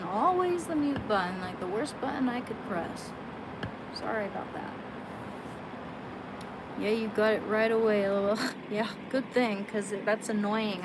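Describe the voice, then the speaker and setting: A woman chatting casually on her livestream, rambling and self-deprecating, often trailing off and restarting her sentences. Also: medium pitch. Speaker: livestream host. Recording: loud background noise.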